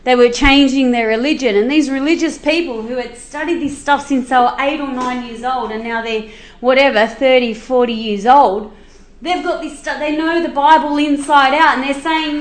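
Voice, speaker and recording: A woman telling a Bible story in a chatty, animated way, with asides and restarts. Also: high-pitched, normal speed, roomy sound. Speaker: Bible teacher.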